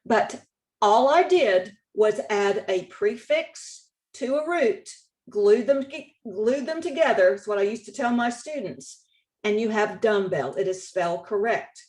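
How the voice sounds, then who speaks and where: A woman giving a slide-based presentation on spelling rules, speaking slowly and deliberately, stressing key words and repeating points for emphasis. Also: medium pitch, animated, a little mellow. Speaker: state spelling contest director.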